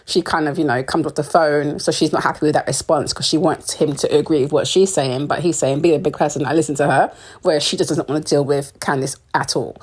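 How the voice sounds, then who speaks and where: A woman's voice: low voice, steady tone, a little fast, hardly any pauses, breathy edge. A young British woman giving casual, opinionated commentary on a reality show, with sarcasm and frequent laughs. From United Kingdom. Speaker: reality TV recap host.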